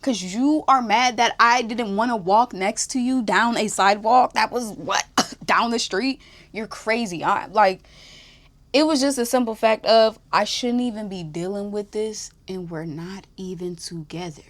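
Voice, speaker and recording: A young woman hosting a podcast, telling a story in casual chat, animated, swearing freely and breaking into laughs. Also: mid-range voice, a little slow. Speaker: podcast host.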